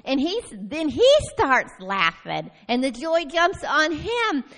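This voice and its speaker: A woman giving an animated personal testimony at a church meeting, telling her story with frequent laughter. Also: sits high, slow pace. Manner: lively storytelling, often breaks into laughter. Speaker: church member sharing a testimony.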